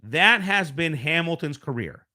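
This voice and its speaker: This show host, a man from the United States, streams casually from home through a home streaming microphone. His voice is on the high side and expressive, bright and forceful, moving a little slowly. He chats in a meandering way and corrects himself as he talks.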